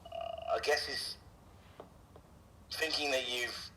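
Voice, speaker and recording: A voice actor being interviewed, a man talking casually and haltingly, with frequent fillers and restarts. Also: mid-range voice, bright, forceful tone, slight background noise, rough recording. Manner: hesitant, many fillers and restarts.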